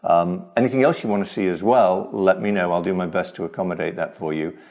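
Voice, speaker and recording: A man with a very deep, gravelly voice presents his watches in a relaxed show-and-tell vlog. He talks hesitantly, stopping often to search for words. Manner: slow, hesitant, full of ums. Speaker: watch collector.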